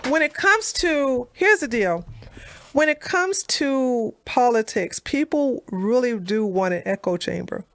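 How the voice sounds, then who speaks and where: Here another female political commentator on a debate stream rants bluntly and profanely, mocking others and frequently repeating herself. She speaks a little slowly, in a fairly high voice with lively intonation.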